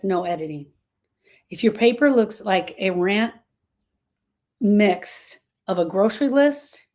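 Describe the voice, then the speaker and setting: A woman's voice: medium pitch, a little mellow. Grief-coach host, woman, live-stream talk, repeats key points for emphasis. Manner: emphatic, repeats phrases, reads viewer comments aloud. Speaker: grief coach hosting a livestream.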